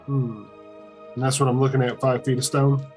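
A man's voice: mid-range voice, level tone, moderate pace, a little mellow, faint music behind. A man playing a tabletop game, talking casually with boastful swearing. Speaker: player.

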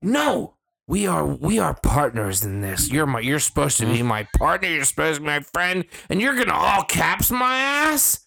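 A man on a chat show, ranting with heavy swearing and breaking into shouts as he mimics annoying emails. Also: fairly high pitch, very animated, moderate pace, vocal fry. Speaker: podcast co-host.

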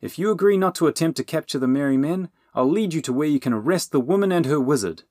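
A man's voice: fairly high pitch, expressive, fast, a little mellow, no echo, clean studio sound, pitched above the performer's own voice, close to an everyday voice. A man voicing an impatient young male outlaw with a grating, demanding way of talking.

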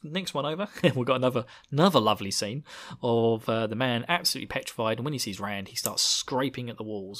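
A man hosting a podcast, recapping a book in an animated, slangy, laughing storytelling manner. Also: on the low side. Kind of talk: casual chat.

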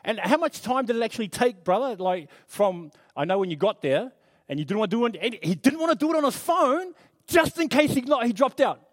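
A man's voice: extremely high pitch, lively intonation, a little fast, dry recording. A middle-aged man preaching a conversational sermon, earnest and storytelling, with frequent restarts.

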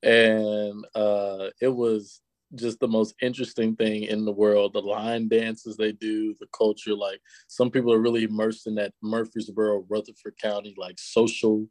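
A man's voice: fairly low pitch, little pitch movement, normal speed, a little mellow, no echo. A man chatting casually and joking with profane banter among friends. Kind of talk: casual chat.

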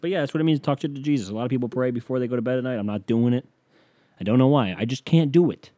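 A man hosting a podcast, delivering a casual comedic monologue in a profane, ranting way that breaks into mock yelling. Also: medium pitch, rapid-fire, no room sound. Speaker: podcast host.

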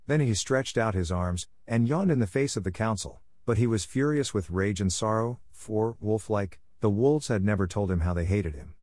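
A man narrating a classic story aloud in a measured, dramatic reading style. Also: lowish voice, darkish tone, dry recording, clean studio sound.

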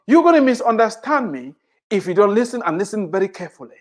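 Impassioned preacher with a lively, swinging pitch. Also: fast. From immigrant to the United States. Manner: impassioned, repeats phrases and asks rhetorical questions. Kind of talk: sermon.

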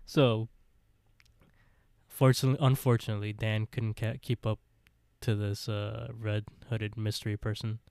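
A man's voice: on the low side, little pitch movement, moderate pace, gravelly, darkish tone, clear, resonant tone, no echo. A man co-hosting a podcast, casually retelling scenes with frequent laughs and quoted dialogue. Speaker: podcast co-host. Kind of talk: casual recap chat.

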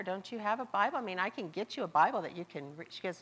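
Southern woman preacher, mid pitch, slow emphatic repeats, sermon delivery. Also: animated, fairly bright tone. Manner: repeats phrases, drawn-out emphatic words.

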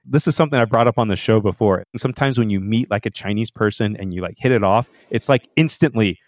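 A man's voice: on the low side, fast, dry recording, studio quality. A man hosting a casual podcast interview, friendly and enthusiastic, laughing along. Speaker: podcast host.

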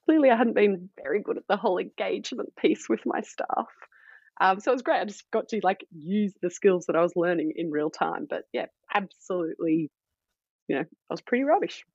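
A woman's voice: mid-range voice, brisk, vocal fry, breathy edge, no room sound. A woman, a former midwife turned startup founder, telling self-deprecating stories as a podcast guest. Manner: energetic, self-deprecating storyteller. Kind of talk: casual podcast conversation. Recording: dull lo-fi dry audio.

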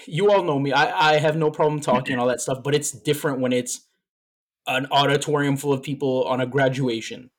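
A podcast co-host chats casually in a medium-pitched, fairly even male voice, speaking briskly. He tells a long story, repeating words, and sounds emotional and a bit out of breath.

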